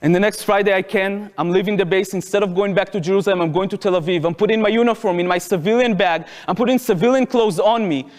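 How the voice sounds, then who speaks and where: A man in his twenties with an Israeli accent speaks fast in a high voice, barely pausing, as he tells his own story to an audience at a public talk. He narrates in vivid present tense, and the lecture hall gives his voice a big-room sound.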